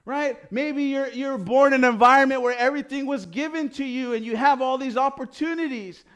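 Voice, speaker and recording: A man teaching a personal development class, explaining ideas in a casual, animated way with everyday slang. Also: very high-pitched, fairly quick. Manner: animated storytelling with acted quotes and casual slang. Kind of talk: motivational lecture.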